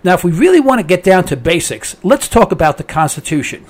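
A man's voice: sits high, very animated, fast. A middle-aged man hosting a call-in talk radio show, telling a story in a folksy, emphatic way and acting out the quotes.

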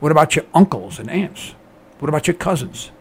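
As a talk host, a man rants to his listeners in an opinionated monologue, firing off rhetorical questions and repeating himself with mounting indignation. His fairly high voice is gravelly and husky, and its pitch swings widely. He sounds animated and speaks a little fast.

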